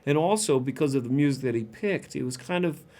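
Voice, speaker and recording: A man's voice: medium pitch, lively intonation, a little fast, a little mellow. A man speaking as an actor in a press interview, telling a story in an earnest, reflective way. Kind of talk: casual press-junket chat.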